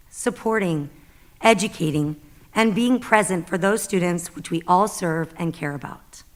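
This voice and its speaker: A middle-aged woman teacher giving public comment at a school board meeting, earnest and emotional, crying as she pleads. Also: on the low side. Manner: earnest, emotional plea, voice breaking into tears.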